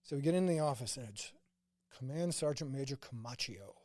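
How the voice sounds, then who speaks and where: In a dry recording, a mid-range male voice moves briskly through animated stories. The speaker, a St. Louis man and former combat medic, is in a casual interview and quotes people in dialogue as he goes.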